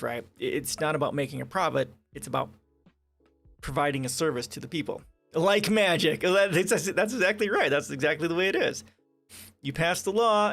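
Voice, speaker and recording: Male streamer, higher voice, sarcastic and swearing, faint music underneath. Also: fairly bright tone. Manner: profane, sarcastic, reads articles aloud and rants. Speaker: livestream host. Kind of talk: casual political commentary stream.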